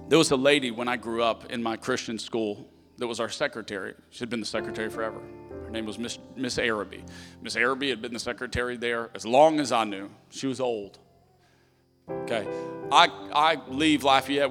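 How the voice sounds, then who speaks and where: A male pastor preaching a sermon through a story, dropping to hushed tones and rising to loud emphatic peaks. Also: mid-range voice. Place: church sanctuary. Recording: long hall reverb with faint music.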